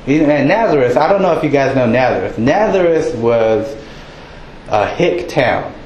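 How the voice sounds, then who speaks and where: A man preaching a sermon in a relaxed, conversational way, acting out townsfolk with a raised voice. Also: mid-range voice, moderate pace, reverberant, a little hiss or hum, rough recording. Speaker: pastor.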